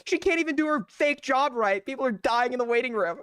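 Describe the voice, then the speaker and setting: A man's voice: very high voice, lively intonation, a little fast, a bit bright, smooth. A man hosting a live stream, mocking what he watches in profane, ranting commentary. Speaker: streamer host.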